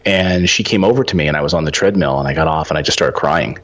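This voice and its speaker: A man in his forties telling a story as a podcast guest, animated and acting out the dialogue. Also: extremely low pitch, quick pace. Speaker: podcast guest, real estate investor. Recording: dull lo-fi audio.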